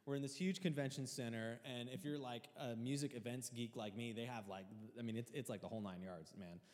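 A man preaching a sermon, earnest and openly emotional, dropping to a hush and then rising loud and high. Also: fairly even intonation, brisk, in a large hall. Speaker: pastor.

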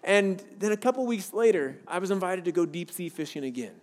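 A man's voice: high voice, expressive, a little fast, darkish tone. A man preaching a sermon as pastor, earnest and conversational, weaving scripture with personal stories. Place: church sanctuary with a worship team. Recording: long reverb of a large hall.

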